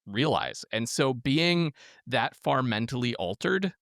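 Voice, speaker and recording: A man's voice: medium pitch, expressive, slow pace, vocal fry, fairly bright tone, dry recording, clean studio sound. A married man co-hosting a casual podcast, reacting to a story with short replies and earnest asides. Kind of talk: casual chat. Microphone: headphones on a close studio mic.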